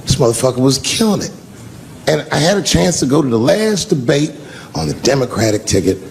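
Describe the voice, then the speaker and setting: A man telling a stand-up story on a live stage, animated and profane, acting out the people in it. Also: mid-range voice, fairly quick, creaky, slight background noise. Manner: animated, acts out characters, profane. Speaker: stand-up comedian. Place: live stage before an audience.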